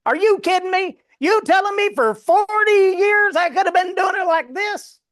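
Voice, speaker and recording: A man putting on an excited Southern man who exclaims in disbelief at a simple trick. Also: extremely high pitch, moderate pace, pitched above the performer's own voice. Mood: incredulous. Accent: American Southern. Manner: incredulous, exclaiming.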